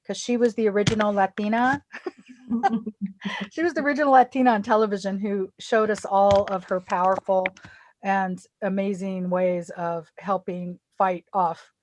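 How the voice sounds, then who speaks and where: A woman's voice: mid-range voice, fairly even intonation, moderate pace, darkish tone, slight background noise. A woman who produces educational media, introducing herself on a video call panel in a friendly, slightly apologetic way.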